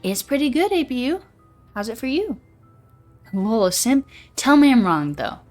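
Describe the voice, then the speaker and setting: A woman's voice: on the high side, very animated, moderate pace, a little mellow, soft background music. A young woman hosting a livestream, chatting casually and reading viewer comments aloud in a laid-back, playful way. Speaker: livestream host.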